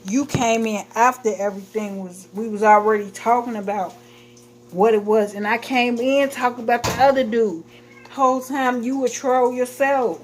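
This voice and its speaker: A woman's voice: a little high, fairly even intonation, normal speed, a little hiss or hum. Woman, livestream host, blunt, heated, casual chat. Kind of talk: casual venting chat to viewers.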